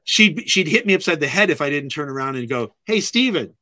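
A middle-aged man, a filmmaker guest, telling anecdotes in an animated way and acting out other people's lines. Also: fairly high pitch, fast talker, no room sound. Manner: acts out other people's lines in lively voices.

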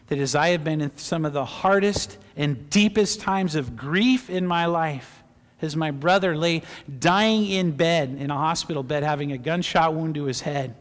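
Impassioned high-voiced male pastor, church reverb. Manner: impassioned, swinging from loud fervor to hushed emotion. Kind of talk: sermon. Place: church sanctuary. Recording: long reverb of a church hall.

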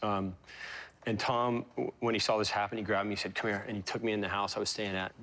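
A man in his forties, a guest in an interview, telling personal stories in a halting, emotional way with many fillers and restarts. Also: fairly low pitch, steady tone, fairly bright tone. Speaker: interview guest, pro surfer. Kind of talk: reflective interview storytelling.

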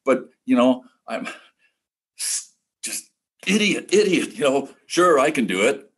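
Husky older man telling stories. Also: mid-range voice, moderate pace. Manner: animated, acts out quoted voices. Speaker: guest, retired hockey broadcaster. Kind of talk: casual podcast storytelling.

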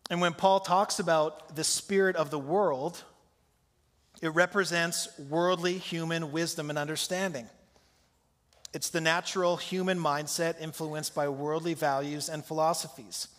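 This pastor's voice sits on the high side, steady and fairly bright, with a slightly slow delivery. He preaches conversationally in the sanctuary, asking his congregation questions, while long hall reverb fills the recording.

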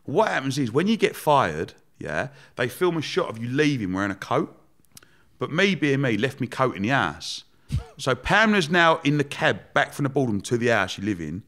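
A young man telling a story in a casual interview, animated and swearing, acting out the people he quotes. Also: mid-range voice, normal speed. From Romford, England. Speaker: guest entrepreneur.

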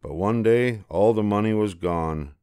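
Deep-voiced grandfather reading a fairy tale. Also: smooth, no echo. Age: older. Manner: slow, gentle, repetitive storytelling. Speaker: storyteller.

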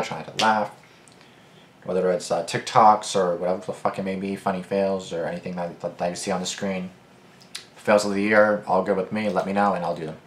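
A man hosting a reaction video, commenting casually with swearing and slang. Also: sits low. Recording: echoey room with background noise.

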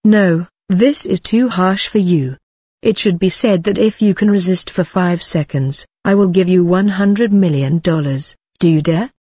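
A woman's voice: lowish voice, unhurried, dark tone, husky, dry recording, studio quality. A woman voicing a scornful young woman who taunts and needles in a story reading.

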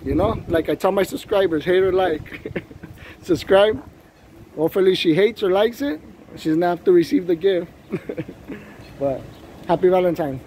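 A man's voice: high-pitched, moderate pace, long pauses, darkish tone, a little hiss or hum. A man filming a casual vlog on his phone from his truck and an alley, laughing often and teasing as he talks to his viewers. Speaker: vlogger. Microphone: phone camera.

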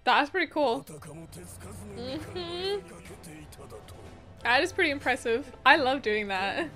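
A woman hosting an anime reaction video, chatting casually and breaking into gasps, laughs and loud exclamations. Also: sits high, slow, soft background music. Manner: excitable, gasping, laughing and exclaiming often. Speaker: anime reaction channel host.

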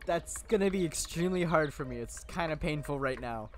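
A man's voice: a little high, expressive, fairly quick, slight background noise. A young man hosting a gameplay video, rambling and mocking himself with lots of fillers. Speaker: gaming video host. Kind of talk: casual gameplay commentary.

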